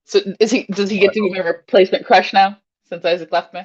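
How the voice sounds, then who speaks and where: A woman's voice: medium pitch, fairly even intonation, fast, lo-fi sound. A woman in a casual podcast chat, speaking in a teasing, amused way.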